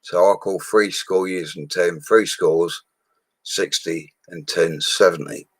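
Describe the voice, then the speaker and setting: A man's voice: sits low, fairly even intonation, slow, breathy edge, no echo, rough recording. A man of forty, chatting casually and rambling on a live stream, with plenty of slang. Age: 40s.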